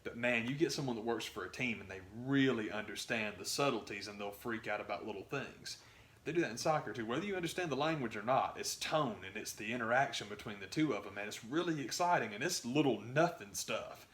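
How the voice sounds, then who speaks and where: A man co-hosting a podcast, chatting about sports in a rambling, excitable way that trails off and restarts. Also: medium pitch, brisk. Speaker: podcast co-host. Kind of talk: casual sports chat.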